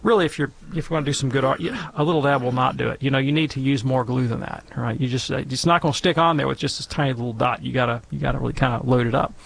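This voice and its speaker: A man's voice: mid-range voice, steady tone, racing, gravelly, hardly any pauses, fairly bright tone. A man voicing his confident older brother giving casual, persuasive advice about art. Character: confident older brother, talented young artist.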